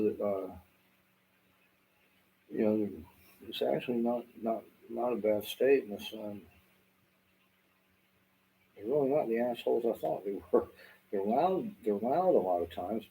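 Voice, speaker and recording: This middle-aged man from Southwest Florida, Southern accent and all, rambles casually to the camera with lots of fillers and free cursing, meandering as he goes. His voice is fairly low and mellow. It's recorded at low quality with faint background noise.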